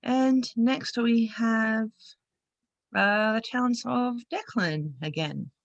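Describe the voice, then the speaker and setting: A woman with a gravelly, fairly high voice announces each performer very slowly and hesitantly. She hosts a performance showcase over a video call, and the sound is dry, close and dull. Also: no room sound. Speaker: event host.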